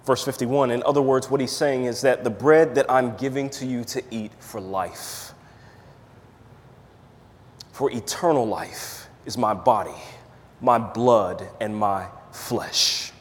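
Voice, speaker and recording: A man preaching a sermon as pastor, emphatic, firing rhetorical questions and swinging between loud and hushed delivery. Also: medium pitch. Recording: long hall reverb.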